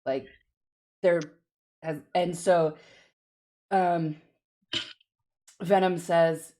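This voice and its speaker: Slow, low-voiced woman player, rambling through her turn with lots of fillers. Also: very animated. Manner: rambling, many filler likes, laughs between actions. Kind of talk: narrating a tabletop game move.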